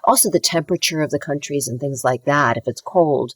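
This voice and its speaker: A woman, a dialect coach talking casually on a podcast and explaining with lively demonstrations. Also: deep voice, a little fast, husky, no echo. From United States. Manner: animated, demonstrative, slips into accent impressions while explaining.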